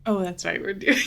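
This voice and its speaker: A young woman co-hosts a podcast at an unhurried pace. Her talk is relaxed and giggly, full of short agreeing replies. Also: high-pitched, creaky, heavy background noise. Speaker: podcast co-host. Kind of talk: casual chat.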